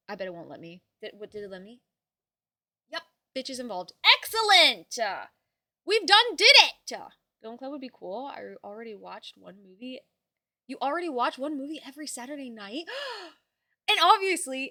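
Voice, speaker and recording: Bubbly, bright-voiced young woman streamer. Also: fairly high pitch, sing-song, no echo, studio quality. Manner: bubbly, swears casually, quick mood swings. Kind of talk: casual chat with viewers.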